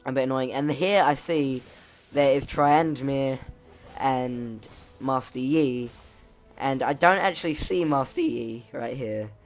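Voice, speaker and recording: A man's voice: mid-range voice, slow, soft background music. A man casually commenting over his gameplay, rambling, laughing at himself, his voice cracking now and then. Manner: rambling, chuckling, self-mocking.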